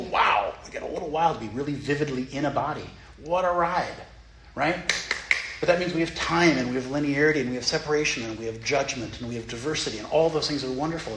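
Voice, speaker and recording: Zen teacher, male, lively pitch swings, playful; echoey hall with faint ambience. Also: a little hiss or hum. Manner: animated, playful, self-mocking. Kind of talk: dharma talk. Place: meditation hall of a Zen center.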